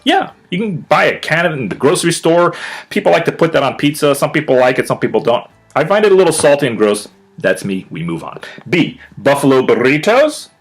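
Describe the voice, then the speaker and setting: Animated man reading a picture book aloud. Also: breathy edge, soft background music. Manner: animated storyteller with big pitch swings and drawn-out emphasis; chatty, explains words to young listeners. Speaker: children's author reading his own book.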